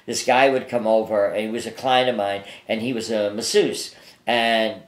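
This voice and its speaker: A man's voice: lowish voice, fairly even intonation, normal speed, roomy sound. An older man, a psychic guest, telling anecdotes in a rambling, casual way full of fillers and restarts, interviewed in his apartment.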